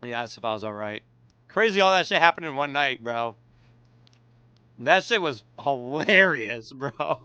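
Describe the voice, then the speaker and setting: Young man, American accent, bright voice, casual streamer chat, slangy, swears a lot. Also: mid-range voice, lively intonation, measured pace, highs cut off. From United States. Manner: loose, swearing, laughing, lots of "bro" and "like".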